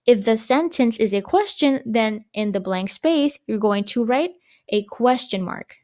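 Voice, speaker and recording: A woman's voice: on the high side, lively intonation, unhurried, a little mellow. A woman teacher giving a recorded grammar lesson to children, explaining patiently and asking rhetorical questions.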